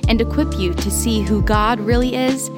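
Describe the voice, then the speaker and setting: A woman reading a calm, welcoming scripted introduction. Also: a little high, moderate pace. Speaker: announcer. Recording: clear music bed under voice.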